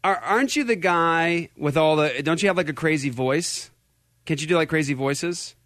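A man's voice: a little high, moderate pace, a bit bright, no room sound, clean studio sound. A man hosting a live call-in show, talking energetically and rambling with many restarts. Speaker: host. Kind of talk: casual live show chat.

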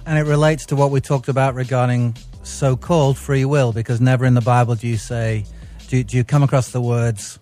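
A man who is a guest author, explaining his views in a measured way during a discussion. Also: medium pitch, flat delivery, mellow, faint music behind.

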